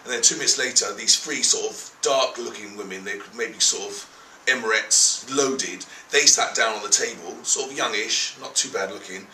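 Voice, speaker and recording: A man's voice: lowish voice, normal speed, roomy sound, a little hiss or hum, low-quality recording. A man telling a story casually, swearing freely and acting out the people in it. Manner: animated, profane, acts out quoted people. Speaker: travel documentary host.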